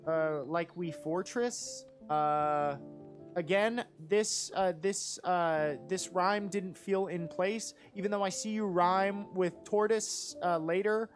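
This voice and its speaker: Live rap verse critique, enthusiastic, rambling, filler-heavy, mid pitch, faint guitar music. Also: takes it slowly. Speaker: rap battle judge reviewing written verses.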